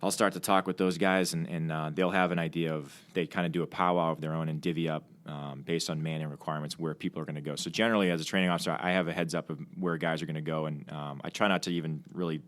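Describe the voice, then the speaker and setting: A man's voice: extremely low pitch, fairly even intonation, fast, few pauses, a bit bright. A man, a Navy fighter pilot and training officer, telling stories in a casual podcast chat, rambling with many restarts and fillers. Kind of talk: casual conversational storytelling. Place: podcast studio.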